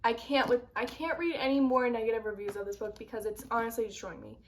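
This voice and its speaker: Young woman book vlogger, high voice, gets all dramatic and worked up. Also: quick pace, a little hiss or hum. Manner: animated, dramatic outbursts of mock outrage. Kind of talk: casual reaction vlog.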